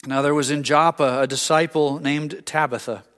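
Earnest preacher in a reverberant hall. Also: male voice, a little high, steady tone, moderate pace, fairly bright tone. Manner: earnest storytelling, acts out voices. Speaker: pastor. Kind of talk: sermon.

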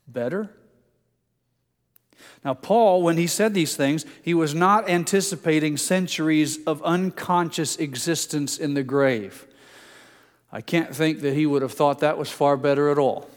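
A pastor preaches a sermon in a slightly higher-than-usual voice, speaking plainly and drawing on everyday anecdotes. At times he softens into a hushed emphasis, and a long reverb from a large church trails his words.

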